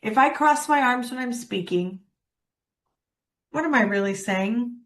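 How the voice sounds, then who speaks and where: A woman coaching public speaking, talking expressively and demonstrating lines with dramatic pauses. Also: a little high, lively intonation, fairly bright tone. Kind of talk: workshop presentation.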